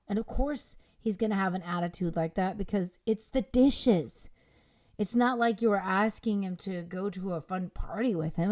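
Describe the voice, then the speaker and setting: A woman's voice: mid-range voice, dark tone. A young adult woman giving opinionated, emphatic commentary while she explains a video clip. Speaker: relationship commentator.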